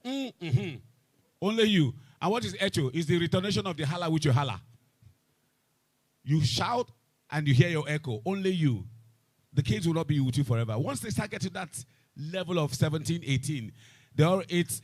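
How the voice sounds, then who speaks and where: A man moderating a live panel, emphatic and repetitive, growing loud and animated, speaking into a microphone. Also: a little high, fairly quick, pauses often. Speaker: event moderator. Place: event hall with a microphone. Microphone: handheld event microphone.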